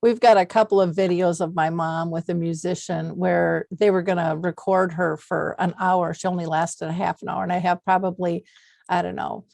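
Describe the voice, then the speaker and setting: A woman's voice: lowish voice, fairly even intonation, normal speed, gravelly, darkish tone, dry recording. A middle-aged woman hosting an interview podcast, telling personal stories in an earnest, heartfelt way with many fillers. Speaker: podcast host. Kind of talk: conversational interview.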